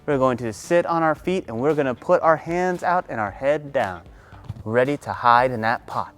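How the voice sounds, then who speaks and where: A woman leading a children's yoga lesson through a story, animated and playful, gasping with excitement. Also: very deep voice, normal speed. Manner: animated, playful, lots of gasps. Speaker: kids' yoga teacher.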